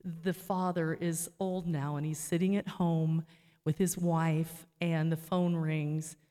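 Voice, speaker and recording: Warm-voiced woman sermonizing in a reverberant hall. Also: low voice, flat delivery, takes it slowly. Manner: conversational and heartfelt, with frequent fillers. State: near tears while telling a story. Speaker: church speaker. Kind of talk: informal sermon closing with a prayer.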